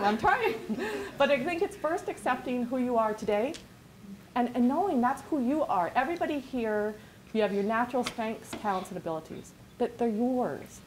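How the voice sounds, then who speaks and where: A woman's voice: mid-range voice, a little mellow, a little hiss or hum. A woman business coach giving a workshop talk in a chatty, rambling way, full of restarts and quoted asides. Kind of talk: workshop presentation. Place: classroom.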